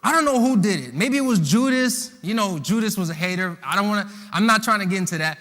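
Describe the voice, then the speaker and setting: A man preaching to a youth audience, telling a Bible story in slangy, animated fashion and acting out the characters. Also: sits high, quick pace, in a large hall. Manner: animated, slangy, acts out voices of the disciples. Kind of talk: lively storytelling sermon.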